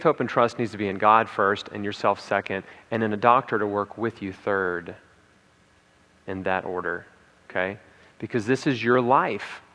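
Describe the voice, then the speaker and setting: A man's voice: on the low side, a bit bright. A man giving an emphatic motivational talk at a conference, repeating key lines and checking in with "okay?" and "right?". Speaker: speaker at a conference. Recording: reverberant hall.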